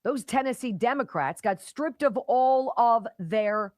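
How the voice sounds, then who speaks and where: Sarcastic woman talk radio host, lively pitch. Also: measured pace, dry recording. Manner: sarcastic, punchy, scornful asides. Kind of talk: opinionated talk radio monologue.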